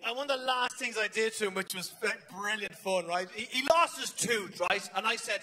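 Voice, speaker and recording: High-voiced Irish stand-up comic. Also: male voice. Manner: rambling, profane, acts out characters in quick asides. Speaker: stand-up comedian. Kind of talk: stand-up comedy set. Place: theatre stage before a live audience. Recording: live show recording with audience noise.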